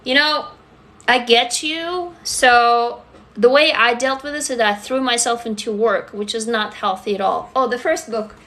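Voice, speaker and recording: Bright-voiced woman, blunt and candid. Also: fairly high pitch, unhurried. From Russia. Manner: candid and blunt, swears freely, laughs through heavy topics. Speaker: author hosting a live stream. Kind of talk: casual live-stream chat answering comments.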